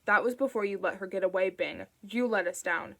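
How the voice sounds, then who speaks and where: A woman voicing a calm, falsely kind sinister man who speaks in a patronizing tone. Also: mid-range voice, brisk. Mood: smooth patronizing.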